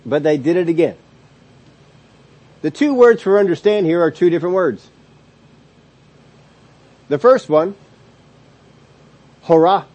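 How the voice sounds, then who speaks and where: A male Bible teacher in mid-sermon, his voice sitting a little higher than most men's. He leans hard on key words, slowing right down to stress them, then rushes on with restarts and little chuckles as he explains. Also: warm tone. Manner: chuckles between points.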